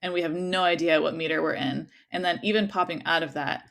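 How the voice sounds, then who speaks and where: A woman's voice: low-pitched, steady tone, brisk, gravelly, a bit bright. A young woman teaching a music interpretation class, chatting casually and singing rhythms on nonsense syllables between explanations. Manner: casual, sings rhythms on syllables, many fillers.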